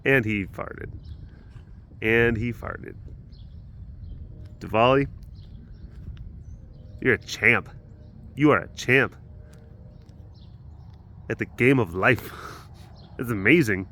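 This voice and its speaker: A man's voice: medium pitch, very slow, pauses often, sharp tone, a little hiss or hum. A man hosting a casual vlog at a big cat facility, telling a story with laughs and cooing fondly at the animals. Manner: chatty, laughing, coos affectionately at the animals. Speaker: animal caretaker and vlog host.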